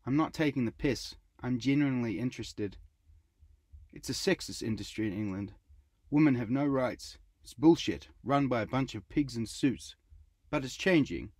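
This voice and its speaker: A man's voice: medium pitch, moderate pace, darkish tone, dry recording, lightly acted. Young female arts student, blunt and indignant, read plainly by a man, dry close mic.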